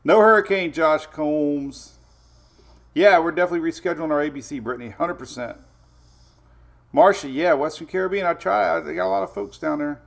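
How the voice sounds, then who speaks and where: Male weather-stream host, gravelly and easygoing, chuckles between chat replies. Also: fairly high pitch, a little fast. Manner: laid-back, chuckling, answers viewer comments. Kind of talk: casual live-stream chat.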